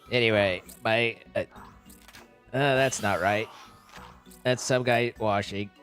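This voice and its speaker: A man's voice: medium pitch, a bit bright. A man streaming, chatting casually in a rambling, self-correcting way and laughing easily. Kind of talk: casual live-stream chat.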